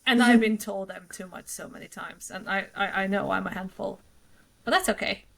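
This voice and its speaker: A woman's voice: medium pitch, moderate pace, vocal fry, poor audio. Chatty, laughing woman. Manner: animated, laughs often, rambling with many fillers. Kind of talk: casual conversation.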